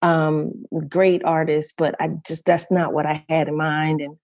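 A middle-aged woman speaks as an interview guest, her voice mellow and a little low. She tells her story with feeling, often circling back, repeating and restarting her phrases. The sound is dry and close. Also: flat delivery, measured pace, dry recording. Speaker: guest performer.

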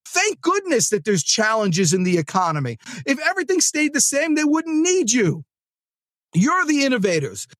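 A man hosting a sales podcast, giving an energetic, joking pep-talk monologue into a close mic. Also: very high voice, no echo.

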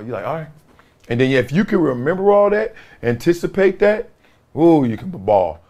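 A man hosting a show, telling football stories in a casual, animated way, laughing often and acting out other people's lines in a raised voice. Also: fairly high pitch, normal speed. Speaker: former NFL player and podcast host. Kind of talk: casual storytelling chat.

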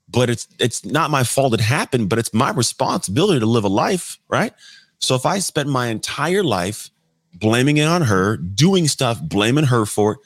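This medium-pitched male voice is recorded at studio quality with no room sound. He's a podcast guest in his thirties, and in a candid interview he tells the story of his life plainly and casually, now and then letting a mild curse slip.

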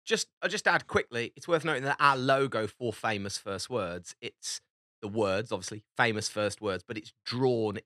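A man's voice: mid-range voice, normal speed, no room sound, studio quality. A man in his forties, co-hosting a podcast in casual chat, telling stories with lots of laughter. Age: 40s. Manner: animated, laughing storyteller. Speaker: podcast co-host.

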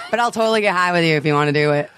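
A woman's voice: fairly low pitch, rapid-fire, a bit bright, clean tone, lightly acted. A woman putting on a spacey, vague party-girl character who fills every phrase with "like", as an improvised impression. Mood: sulky. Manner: filler-heavy valley drawl with "like" everywhere. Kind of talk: improvised impression in casual chat.

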